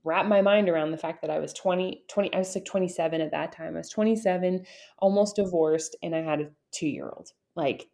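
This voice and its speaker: A woman in her thirties with a fairly low voice sits in on a podcast conversation, speaking earnestly and reflectively. Her talk is loose and casual, full of fillers as she works through her thoughts. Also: fairly quick, creaky, dark tone. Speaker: podcast co-host. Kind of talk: casual chat.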